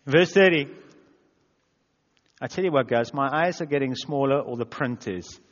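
A man's voice: mid-range voice, moderate pace. A man preaching a sermon as pastor, self-deprecating, acting out quotes in little voices. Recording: dull echoey church hall sound.

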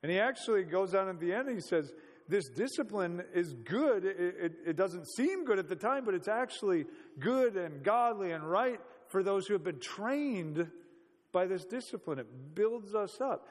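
Male preacher, high voice, chatty storytelling, rhetorical questions, long hall reverb. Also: expressive, moderate pace. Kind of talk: sermon.

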